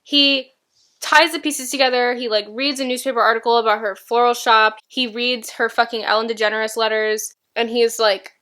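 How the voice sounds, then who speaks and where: Bright-voiced young woman vlogging casually. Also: fairly high pitch, steady tone, moderate pace. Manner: rambling, filler-heavy, sarcastic asides. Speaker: book vlogger. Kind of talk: casual reading vlog chat.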